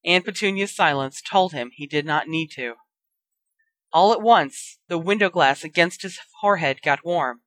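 A storyteller reads a fantasy story aloud, steady and dramatic in pacing. The voice is bright and forward, recorded close and dry with no room sound. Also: mid-range voice, moderate pace, dry recording. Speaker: narrator. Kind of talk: reading a fan fiction story aloud.

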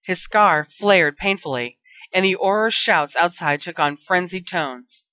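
A storyteller reads a fantasy story aloud, steady and dramatic in pacing. The voice is bright and forward, recorded close and dry with no room sound. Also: medium pitch, unhurried, no echo. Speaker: narrator. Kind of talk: reading a fan fiction story aloud.

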